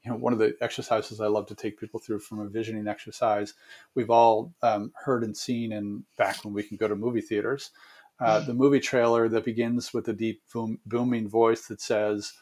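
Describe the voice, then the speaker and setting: Man, interview guest, measured and explanatory, somewhat low voice, lots of fillers. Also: little pitch movement, a little mellow. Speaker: brand consultant guest. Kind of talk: podcast interview answer.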